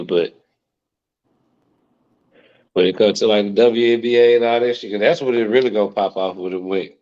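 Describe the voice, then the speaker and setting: A young man hosts a casual podcast chat, blunt and profane, laughing easily. His voice sits on the low side, and the recording sounds dull and lo-fi. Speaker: podcast host. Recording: lo-fi dull audio.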